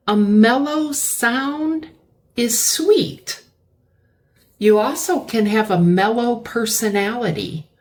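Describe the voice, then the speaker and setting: A woman teaching English vocabulary, explaining words slowly and repeating key terms. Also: medium pitch. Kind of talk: slow classroom-style vocabulary lesson.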